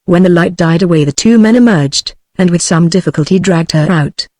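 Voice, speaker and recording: A text-to-speech woman's voice with a British English accent, reading a novel aloud in an even, steady way. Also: on the low side, a little fast, dry recording. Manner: even, steady synthetic delivery. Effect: synthetic text-to-speech voice. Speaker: audiobook narrator.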